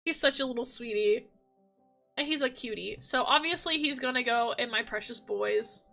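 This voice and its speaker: This woman's voice is a little high, creaky and sharp, moving at a normal speed while faint music plays underneath. She's a gaming vlogger in casual chat mode, rambling, gushing, and leaning heavily on filler words.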